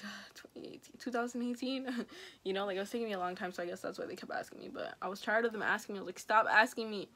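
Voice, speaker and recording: A young woman vlogger casually telling a personal story, rambling and saying "like" a lot. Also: mid-range voice. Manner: rambling, heavy use of "like"; quiet and subdued in stretches.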